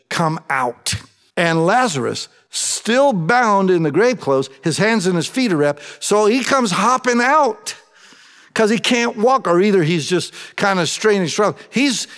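A pastor preaching a sermon in an animated way, rising to loud, emphatic calls. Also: male voice, a little high. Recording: long reverb of a large hall.

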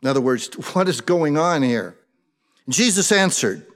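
In a very animated, slightly high voice and at a measured pace, a man gives a conversational sermon. He reads verses aloud and then paraphrases them in everyday language, with the long reverb of a big hall.

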